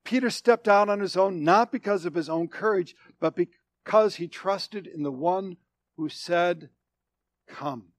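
A man preaching a sermon, repeating phrases for emphasis and asking the congregation questions, moving between loud declarations and hushed, low lines. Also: unhurried, no echo. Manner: asks the congregation questions directly. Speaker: pastor.

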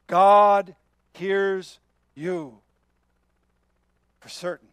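A man's voice: high-pitched, fairly even intonation, drawn-out words, a bit bright, smooth, no echo. A man preaching a sermon as pastor, earnest and emphatic, often asking his listeners questions.

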